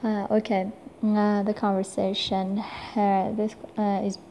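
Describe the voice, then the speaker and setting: Woman not a native english speaker, super slow, lots of uh's, mellow voice. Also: medium pitch, level tone, a little hiss or hum. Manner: hesitant, many filler sounds and restarts. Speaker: forum member presenting a talk. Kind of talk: slow unscripted monologue.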